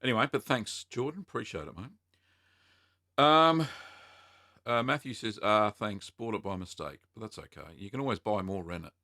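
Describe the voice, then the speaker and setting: Bright-toned Australian man hosting a livestream. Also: fairly low pitch, normal speed, no room sound, clean studio sound. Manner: relaxed, lots of ums and uhs, reads comments aloud. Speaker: livestream host answering cheesemaking questions. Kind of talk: casual live chat reading viewer comments.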